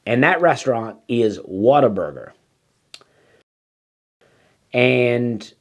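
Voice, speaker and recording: A man's voice: mid-range voice, lively intonation, takes it slowly, darkish tone. A man, a comedian telling a meandering story, full of fillers and lost trains of thought. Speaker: stand-up comedian. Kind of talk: rambling comic storytelling.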